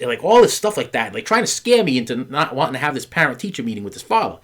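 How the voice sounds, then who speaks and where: A man's voice: mid-range voice, sing-song, fast talker, hardly any pauses. A middle-aged man hosting a podcast, telling a story to his wife in a candid chat, stumbling over and repeating words with many fillers and acting out the people he quotes. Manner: earnest, acts out quoted voices. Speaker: podcast host.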